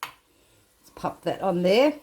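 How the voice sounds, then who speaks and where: A cheerful woman walking through her cooking for a vlog, chatty and quick to laugh. Her pitch swings widely, and a faint hiss sits under her voice. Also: expressive, a little mellow. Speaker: vlog co-host and cook. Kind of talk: casual cooking chat.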